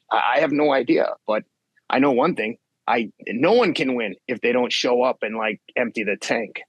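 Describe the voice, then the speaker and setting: In a casual storytelling interview, a male podcast guest recounts race stories with blunt, profane intensity and animated energy. His mid-range voice is brisk and slightly rough, and the recording has no room sound.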